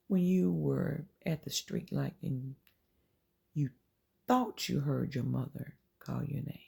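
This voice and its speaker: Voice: mid-range voice, takes it slowly, vocal fry, darkish tone, husky. A channel host giving an earnest, informal inspirational faith talk, repeating phrases and dropping into whispers to make a point.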